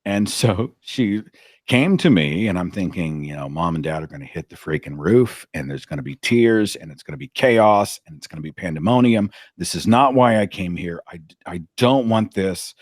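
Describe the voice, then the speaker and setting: Brief: low-voiced man, lively storyteller, dry close sound. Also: moderate pace, no room sound. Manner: animated, dramatic retelling. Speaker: podcast host, guest. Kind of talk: anecdotal storytelling.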